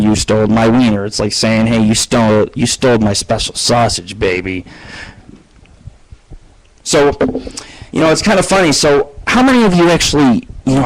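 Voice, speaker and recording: Guy rambling on his own radio show, cussing a lot, mid pitch, just telling stories. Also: low-quality recording. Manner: profane, rambling, storytelling. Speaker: internet radio host. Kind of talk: casual rambling monologue.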